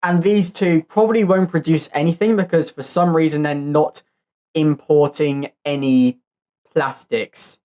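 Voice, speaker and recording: A man's voice: on the high side, steady tone, unhurried, mellow. A man hosting his own channel, giving casual gameplay commentary and thinking aloud in an easygoing way as he builds. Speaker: channel host.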